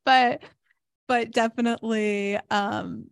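A young woman on a yoga podcast, an animated storyteller who laughs often and fills her talk with "like". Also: a little high, slow, creaky, no echo, clean studio sound. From South Florida. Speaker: podcast co-host, yoga teacher. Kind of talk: casual chat, storytelling.

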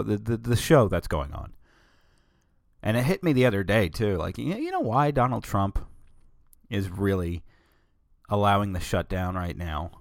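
A man's voice: on the low side, no echo, clean studio sound. A man hosting a solo show, talking casually in a rambling, opinionated way with many digressions. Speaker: podcast host.

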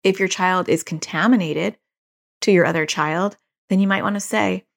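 A woman's voice: on the low side, moderate pace, creaky. A woman in her forties hosting a podcast, giving casual parenting advice and repeating key phrases for emphasis. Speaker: podcast host and parenting coach.

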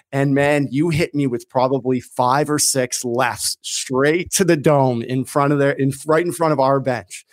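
A man in his thirties, a former pro hockey player and podcast guest, telling a story in a casual, animated way. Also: mid-range voice, no echo, studio quality. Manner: animated, acts out his own shouts in the story.

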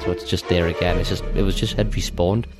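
Very deep-voiced man walking through a game. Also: steady tone, fast, over loud music. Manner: methodical, step-by-step recounting. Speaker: podcast co-host. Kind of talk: casual game walkthrough chat.

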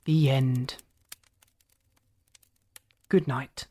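A narrator reading a story aloud in a calm, measured way. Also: medium pitch, breathy edge. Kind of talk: audiobook reading.

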